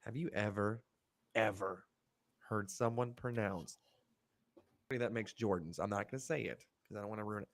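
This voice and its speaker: A man's voice: lowish voice, moderate pace, pauses often, no room sound. A middle-aged man co-hosting a podcast, telling a story with lots of swearing and animation. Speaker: podcast co-host. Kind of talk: casual podcast chat.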